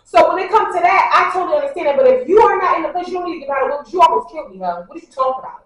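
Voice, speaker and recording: Woman vlogger talking to y'all, animated, does everyone's voices, high voice, super echoey, kinda far from the mic. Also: rapid-fire. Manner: animated, acts out what people said; talks straight to the audience, addressing them directly. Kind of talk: casual storytelling to viewers.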